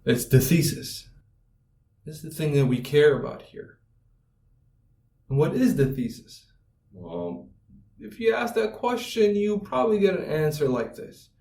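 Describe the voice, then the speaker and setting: A man with a slightly high voice lectures on writing, asking rhetorical questions and answering them himself. He acts out little everyday scenes to make his points. He sounds set back from the mic in a room with a noticeable echo. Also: big pitch swings, a little slow, vocal fry, mellow, a little hiss or hum. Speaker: writing instructor. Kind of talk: explanatory video lecture. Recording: echoey room, voice from a distance.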